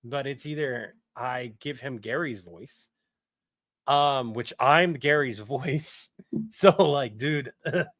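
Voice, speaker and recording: A man's voice: mid-range voice, slow pace, a bit bright, no echo. Candid, rambling man streaming. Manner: rambling, candid, swears casually. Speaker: streamer and voice actor. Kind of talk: casual livestream chat.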